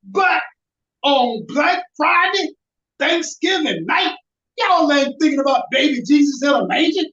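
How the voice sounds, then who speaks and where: A middle-aged man from Charlotte doing a stand-up set over a video call, with a drawn-out, preachy delivery and emphatic rises. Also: extremely high pitch, expressive, pushed and bright. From Charlotte, North Carolina. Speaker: stand-up comedian. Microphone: video call, away from the mic. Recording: distant, echoey, muffled call audio.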